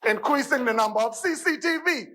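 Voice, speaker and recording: A man's voice: very high voice, expressive, fairly quick, sharp tone, poor audio. A man with a Bahamian accent giving an emphatic parliamentary debate speech in a parliament chamber, repeating phrases for stress. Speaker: member of parliament.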